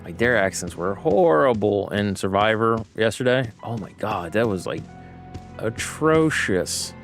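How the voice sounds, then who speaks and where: Male streamer, rambling livestream commentary, animated voice, faint game music under him. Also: on the low side, moderate pace, vocal fry. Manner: rambling, self-correcting, chatty. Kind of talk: casual gameplay commentary.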